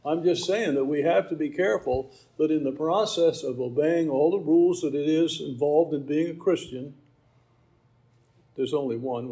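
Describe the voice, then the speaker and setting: A man's voice: medium pitch, warm tone, low-quality recording. A man preaching a conversational sermon, reading verses and explaining them with casual asides. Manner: conversational Bible teaching with asides and fillers. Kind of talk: sermon teaching.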